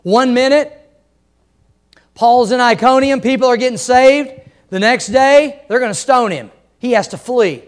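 A man. He preaches in a folksy, storytelling manner, rising to loud emphatic passages and then dropping to quiet ones. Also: very high voice, unhurried. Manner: folksy storytelling preacher with wide swings in loudness. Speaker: pastor. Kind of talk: sermon.

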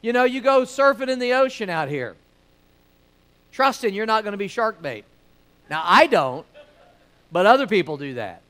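A man in his forties preaching to his church in a high, smooth, clear voice. He talks in an easy, joking way and keeps asking the congregation for an amen. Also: sing-song, moderate pace, long pauses, sharp tone. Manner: conversational, joking preacher with audience call-outs. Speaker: pastor. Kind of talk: sermon. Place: church sanctuary with balcony.

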